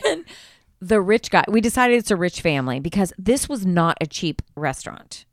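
A woman's voice: on the low side, big pitch swings, moderate pace, no echo, studio quality. A woman co-hosting a podcast, telling a story in casual chat and acting out what people said, with a lot of swearing. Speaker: podcast co-host.

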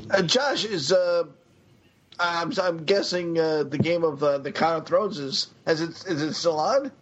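Man, podcast host, high voice, husky, joking, profane, dull lo-fi sound. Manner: joking, profane, halting with fillers. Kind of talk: casual podcast chat.

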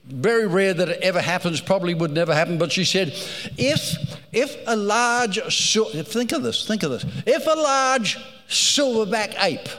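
A man's voice: sits high, animated, normal speed, fairly bright tone, in a large hall. A man preaching a sermon, telling stories with animation and repeating phrases for emphasis.

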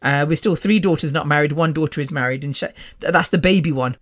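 A woman's voice: deep voice, fast, hardly any pauses. Chatty, frank woman podcaster. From England. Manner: chatty, frank, laughs often. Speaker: podcast host. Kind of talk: casual storytelling monologue. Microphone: podcast microphone.

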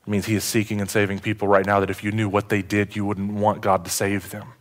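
A quick-paced male pastor with a fairly low pitch preaches a sermon full of questions for the congregation. He veers from loud, energetic points to quiet, earnest reflection.

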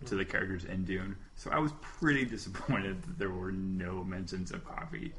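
A man talking casually on a comedy podcast, his tone bright and a little low. He rambles playfully from joke to joke, with a faint hum of room ambience under his voice. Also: fairly even intonation, moderate pace. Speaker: podcast host.

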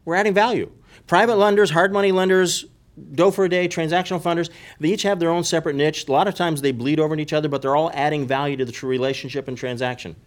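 A man's voice: on the high side, steady tone, fast. A man in casual podcast talk, explaining things emphatically and repeating his key points. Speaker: real estate investor and podcast guest.

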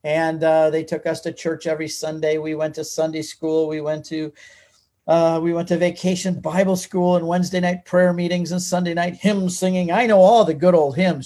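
A man telling his life story as an interview guest, animated and talkative. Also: a little high, brisk. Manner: animated and talkative, reciting from memory. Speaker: guest author. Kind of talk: personal storytelling in a conversation.

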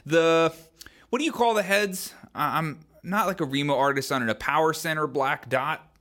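Bright-voiced man rambling on a podcast. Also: a little high, normal speed. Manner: rambling, hedging, many fillers. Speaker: podcast co-host. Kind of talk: casual podcast chat.

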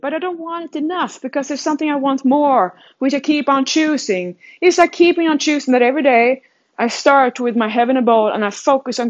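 A fitness coach from Sweden talks through her thoughts in a casual, rambling monologue, mocking herself and restarting her sentences often. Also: sits high. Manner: rambling and self-mocking, many restarts and laughs. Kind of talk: casual self-reflective monologue. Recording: dull lo-fi sound.

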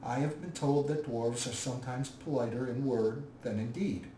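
A man's voice: mid-range voice, moderate pace, dark tone, close to an everyday voice. A man voicing a prim, indignant hobbit, reading from a storybook. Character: fussy, indignant male hobbit. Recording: roomy, distant mic, faint hiss.

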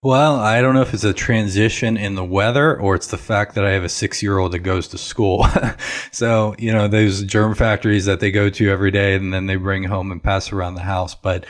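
A man's voice: fairly low pitch, fairly even intonation, a little fast. A man in his thirties or forties, a financial advisor, talking conversationally on a podcast with plenty of fillers. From Northeast Ohio. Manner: conversational, explanatory, many fillers. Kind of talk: casual podcast chat.

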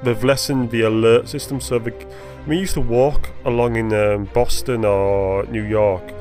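A man's voice: mid-range voice, steady tone, moderate pace, a little mellow. Man, casual game chat, rambling, self-correcting, faint music behind. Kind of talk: casual chat about video games.

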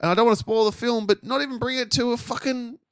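A man's voice: very high-pitched, steady tone, quick pace, clean tone, dry recording, clean studio sound. A man co-hosting a film review podcast in casual chat, blunt and emphatic, swearing freely.

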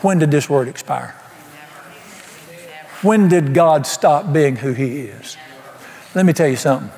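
A man preaching a sermon, folksy and emphatic, firing rhetorical questions and dropping to a low hush. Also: animated, measured pace, creaky. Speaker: pastor. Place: church sanctuary. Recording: long hall reverb.

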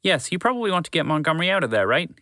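A man voicing a gentle, absent-minded male horse who rambles as he talks. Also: a little high, big pitch swings, very fast, no echo, studio quality, voice pushed up. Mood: musing.

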